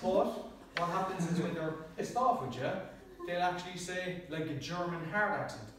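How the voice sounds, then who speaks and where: A man's voice: sits high, normal speed, noisy background. Joking Irish man in echoey room. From Ireland. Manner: joking, self-deprecating, chuckles often. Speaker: club speaker. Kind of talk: prepared humorous speech. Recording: very echoey room, distant mic.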